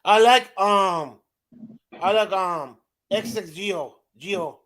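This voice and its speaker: Slow, high-voiced man on a livestream. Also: fairly bright tone. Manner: slow, halting, reads out and greets viewers. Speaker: livestream host. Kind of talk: casual livestream chat.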